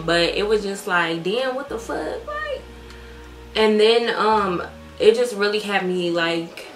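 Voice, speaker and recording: Candid young woman vlogger, echoey room. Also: lowish voice. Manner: candid, profane, animated. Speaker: beauty vlogger. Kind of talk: casual chat while doing makeup.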